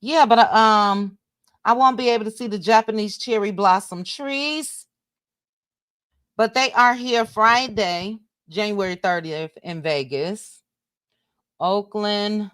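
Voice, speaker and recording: A woman hosting a livestream, chatting casually with her viewers and reading things out loud as she goes. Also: mid-range voice, slow pace, smooth, no echo, clean studio sound. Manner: chatty, reads out loud while talking to viewers. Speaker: livestream host.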